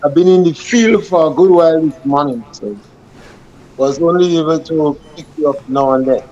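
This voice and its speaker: A man joining a radio show as a guest, giving brief, relaxed answers. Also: a little high, moderate pace, muffled recording. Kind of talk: casual on-air chat.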